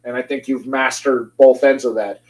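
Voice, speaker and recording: A man's voice: medium pitch, steady tone, moderate pace, darkish tone, rough recording. Teasing man hosting a chatty interview. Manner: teasing, easygoing. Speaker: show host. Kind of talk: casual interview chat.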